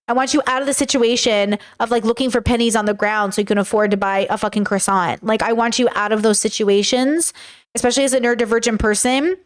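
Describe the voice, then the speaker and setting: Woman commentator, slightly high voice, candid and rambling, swears casually, addresses viewers directly. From United States. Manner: frank and rambling, swears, talks straight to viewers. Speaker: commentator reacting to a reality show.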